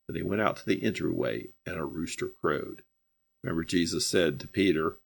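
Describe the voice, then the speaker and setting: A man's voice: low-pitched, expressive, moderate pace. A middle-aged man teaching a Bible passage verse by verse in a conversational way. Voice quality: gravelly and husky. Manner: conversational, explaining Greek verb tenses.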